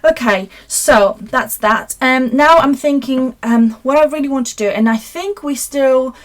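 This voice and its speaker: A woman's voice: sits high, measured pace. A young woman from Poland, hosting a live craft session and chatting to viewers in a rambling, self-mocking way as she paints at her desk. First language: Polish. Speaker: craft video host. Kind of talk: casual live craft chat.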